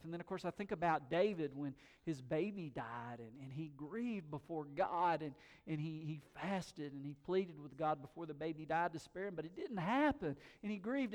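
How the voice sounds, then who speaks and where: Middle-aged male pastor, slightly higher voice, casual emphatic sermon with stumbling repeats. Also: a little mellow. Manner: conversational, emphatic, with stammered repeats.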